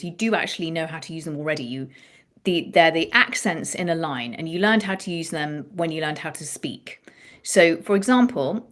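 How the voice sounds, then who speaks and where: A woman songwriting coach explaining ideas in an animated interview chat, restarting her phrases as she thinks aloud. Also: fairly low pitch.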